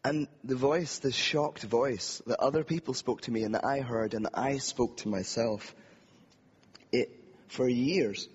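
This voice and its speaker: Husky man preaching a personal testimony in a hall. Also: mid-range voice, measured pace. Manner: earnest and reflective, acts out inner voices. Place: hall with podium. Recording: long hall reverb, dull lo-fi.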